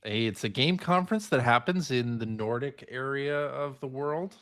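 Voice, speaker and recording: A man's voice: medium pitch, normal speed, fairly bright tone. A man hosting a podcast in casual chat, laughing often as he loosely relays news. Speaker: podcast host.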